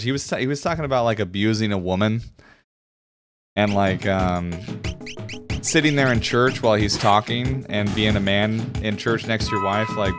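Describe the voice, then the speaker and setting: A man's voice: lowish voice, expressive, moderate pace. A man streaming and chatting casually, rambling with frequent laughs and the odd swear word. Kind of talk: casual chat. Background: background music.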